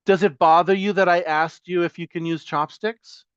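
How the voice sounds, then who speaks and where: Male conversation teacher, high voice, animated and teasing; dry, dull call audio. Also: normal speed, smooth, no room sound. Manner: animated, puts on mock outrage to make a point. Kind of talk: online class discussion. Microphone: computer mic on a voice call.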